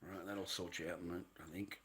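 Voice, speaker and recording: A man's voice: sits low, level tone, moderate pace, fairly bright tone. A man hosting a live stream, ranting heatedly in a profane and repetitive way to his viewers. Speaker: livestream host.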